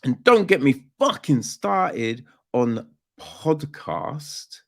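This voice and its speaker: Lively, profane man ranting about a film. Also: on the high side, very slow, vocal fry. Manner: animated, profane, rambling with slang and restarts. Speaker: podcast host. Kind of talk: casual film review rant.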